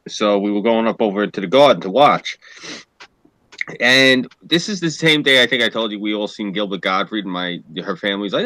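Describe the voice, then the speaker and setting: Bright-voiced profane male storyteller. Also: lowish voice, a little fast, no echo, rough recording. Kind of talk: casual storytelling chat.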